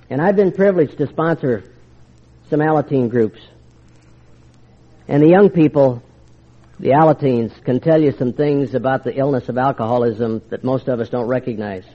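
An older man speaking at a recovery meeting, telling his story in a wry, confiding way and acting out past conversations. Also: on the high side. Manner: wry, confiding storyteller who acts out quoted exchanges. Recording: dull lo-fi recording.

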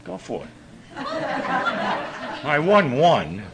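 An older man, telling profane stories to a laughing recovery-meeting audience in a gruff voice. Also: wildly swooping pitch, extremely slow, a loud crowd, heavy background noise. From New York. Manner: gruff and profane, with big swings in pitch and loudness. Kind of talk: storytelling talk to a live audience.

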